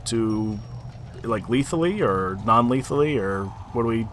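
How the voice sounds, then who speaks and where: A man's voice: medium pitch, animated, unhurried, a bit bright. A male game master narrating a tabletop session in a mid-range voice. He rambles, filling gaps with ums and likes, over faint background noise. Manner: rambling, filler-heavy narration.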